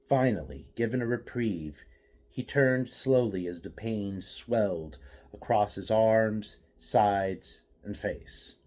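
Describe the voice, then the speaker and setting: A man reading his own novel aloud as an expressive audiobook narration. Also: on the low side.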